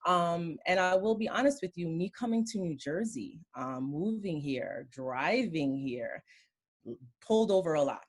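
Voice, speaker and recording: A woman from Queens in her thirties recounts her experiences as a guest, speaking in a notably low register. She tells her stories by acting out the exchanges in a casual conversational way. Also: expressive, unhurried. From Queens, New York. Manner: storytelling, acting out quoted exchanges.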